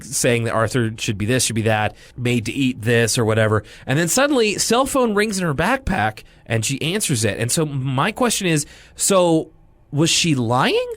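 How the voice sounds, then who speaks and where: A man's voice: mid-range voice, fairly bright tone, no echo. A young man co-hosting a casual podcast, enthusiastic and jokey as he recaps a cartoon. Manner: enthusiastic, jokey, says "dude". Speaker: podcast co-host.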